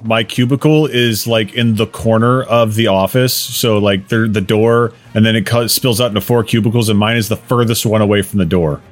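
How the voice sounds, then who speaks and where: A man's voice: fairly low pitch, fairly even intonation, normal speed, hardly any pauses, soft background music. A man co-hosting a comedy podcast in casual chat, rambling through jokey asides and laughing often. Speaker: podcast co-host.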